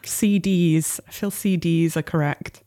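A woman narrating as game master, relaxed and giggly. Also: on the low side, a little slow, no echo, studio quality.

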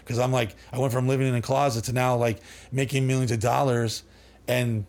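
A man's voice: medium pitch, little pitch movement, brisk, darkish tone. A man as a podcast guest, telling long rambling stories with lots of swearing, fillers and restarts. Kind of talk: casual storytelling.

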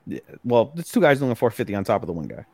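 A man's voice: fairly low pitch, big pitch swings, rapid-fire, vocal fry, mellow, dry recording. A man co-hosting an anime podcast, recapping episodes in casual, rambling, profane chat. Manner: rambling, profane, acts out characters' lines mid-recap. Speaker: podcast co-host.

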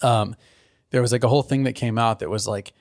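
A man's voice: medium pitch, fairly even intonation, a little fast. A man co-hosting a podcast, rambling in casual chat, swearing freely and laughing often. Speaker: podcast co-host.

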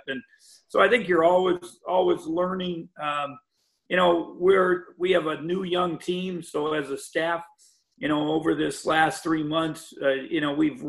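An older man, a college basketball head coach, rambles through a podcast interview over a call, restarting often and saying "you know" a lot. His voice is on the high side, a bit bright, with vocal fry.

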